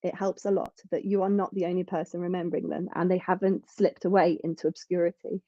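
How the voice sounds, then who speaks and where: Earnest woman, low-toned and dull-sounding. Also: flat delivery, fast, mellow, no room sound. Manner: earnest, reflective, with frequent restarts. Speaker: podcast guest. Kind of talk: conversational interview.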